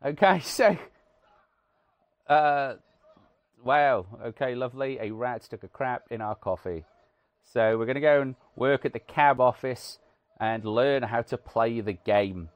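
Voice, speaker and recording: A man's voice: mid-range voice, a little slow, no room sound, highs cut off. A British man from the UK giving casual, wry commentary over a video game, self-deprecating and full of "uh" fillers. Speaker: gaming channel host.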